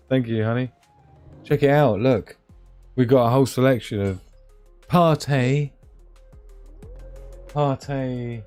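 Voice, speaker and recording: A man's voice: on the low side, dark tone. A man hosting a live stream, chatting to viewers in a rambling, casual way. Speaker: livestream host.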